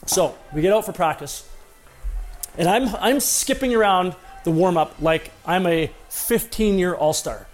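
Man telling a story with a higher voice. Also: lively intonation, normal speed, faint music behind. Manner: conversational, acts out dialogue in the telling. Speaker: storyteller, former hockey player. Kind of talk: casual first-person storytelling.

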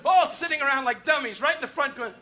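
A man's voice: very high-pitched, fast talker, heavy background noise. A male stand-up comedian, needling the audience in a brash insult comedy set. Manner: brash, needling crowd work with put-on voices. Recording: archival club recording with loud crowd laughter. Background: loud audience laughter.

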